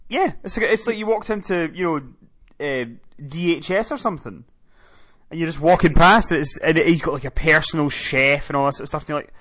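A podcast co-host chats casually about reality TV, telling stories with animation and acting out quotes. His voice is fairly high and a little fast, recorded dry.

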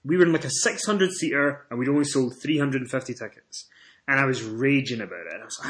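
A man co-hosting a casual wrestling podcast, telling stories with animated swings in pitch and loudness. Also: fast talker. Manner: animated storytelling, rises in pitch and volume when excited. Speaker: podcast co-host.

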